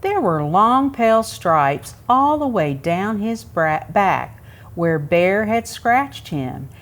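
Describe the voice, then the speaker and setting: A woman reading a picture book aloud to young children at a museum story time, pausing to ask them questions. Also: mid-range voice. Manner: asks young listeners questions, expressive.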